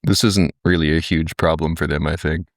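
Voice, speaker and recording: A man's voice: extremely low pitch, steady tone, normal speed, creaky, dry recording. A man co-hosting a comedy show, adding dry, wry quips about a cartoon. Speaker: co-host. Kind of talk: comedic banter.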